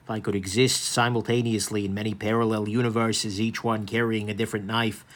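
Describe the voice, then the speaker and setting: A man casually reviewing and taking apart a knife for his channel, wandering into joking asides and filling pauses with "um". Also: lowish voice, little pitch movement. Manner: rambling, with joking asides and many ums. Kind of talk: casual hands-on product review.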